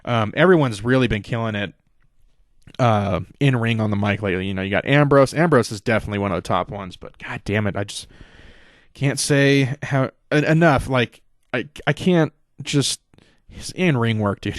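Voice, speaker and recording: A man's voice: normal speed, no room sound. A young man with a mid-range voice recaps wrestling in a loose, rambling way, full of swearing and fillers. The recording is dry and close, with no room sound. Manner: rambling, profane, acts out quotes in a higher voice. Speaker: podcast host.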